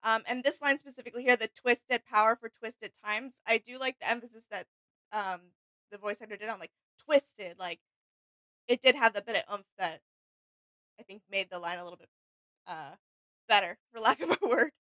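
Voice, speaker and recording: A woman's voice: fairly high pitch, moderate pace, a bit bright, no echo. A woman co-hosting a reaction show, chatting casually and hesitantly. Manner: hesitant, many "um" and "kinda".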